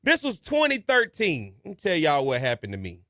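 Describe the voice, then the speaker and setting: A man with a fairly high voice that swoops animatedly up and down, talking casually to his listeners. He repeats his advice in a folksy, urging way and drifts into storytelling. The sound is close and dry, with no room around it. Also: huge pitch swings, fairly quick, pushed and bright, dry recording. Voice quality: colloquial, folksy and exhortative, repeats advice for emphasis. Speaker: podcast host.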